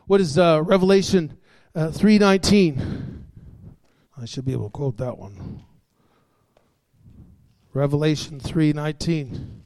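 A middle-aged man preaches with a notably high-pitched voice. He swings between shouted emphasis and hushed asides. The sound is dry and close with no room echo. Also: lively intonation, takes it slowly, long pauses. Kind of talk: sermon.

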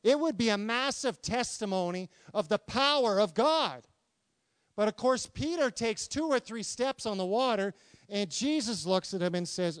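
A man preaching a sermon, reading scripture and asking the congregation questions in an animated, conversational way. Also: high-pitched, normal speed, dry recording. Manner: animated, talks to congregation with questions, acts out quotes. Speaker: pastor.

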